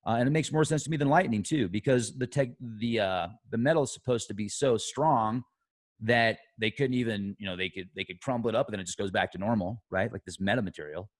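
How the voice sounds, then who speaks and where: A man hosting a conspiracy talk show, rambling in a casual monologue that jumps between loud excitement and soft trailing asides. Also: lowish voice, fairly quick. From United States.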